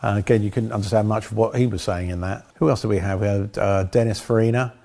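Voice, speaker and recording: Man, low register, a director spinning dry, rambling interview anecdotes. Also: fairly even intonation, quick pace, vocal fry, mellow. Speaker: film director.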